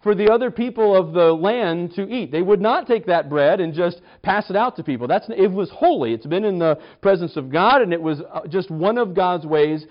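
Guy teaching a bible lesson, kinda high voice, joking around, lots of restarts, bit muffled recording. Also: lively intonation, moderate pace, few pauses. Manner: chatty, with frequent restarts and wry humor. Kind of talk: conversational Bible study teaching. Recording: slightly dull lo-fi recording.

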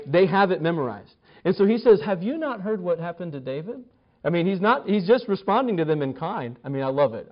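A man teaching a conversational Bible study, chatty, with wry humor and frequent restarts. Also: medium pitch. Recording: slightly dull lo-fi recording.

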